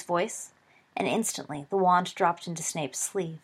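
A woman narrating a story aloud in a steady audiobook reading, giving the characters voices. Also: on the low side, normal speed, breathy edge.

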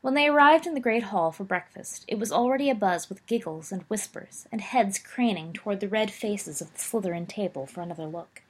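Female reader, airy breathy tone, steady story narration. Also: mid-range voice, a little fast, hardly any pauses. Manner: even storytelling with small slips. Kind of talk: fan fiction read aloud.

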